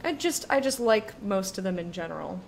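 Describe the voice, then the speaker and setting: Woman streamer, casual chat with viewers, chatty, lingers on words, mid pitch. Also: animated, a little fast, gravelly, a little hiss or hum. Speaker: game streamer.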